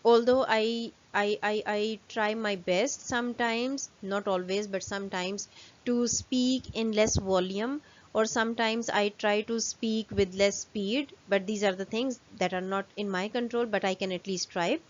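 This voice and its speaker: A woman lecturer, giving a fast recorded lesson full of "um" and "uh" fillers. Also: medium pitch, steady tone, muffled recording.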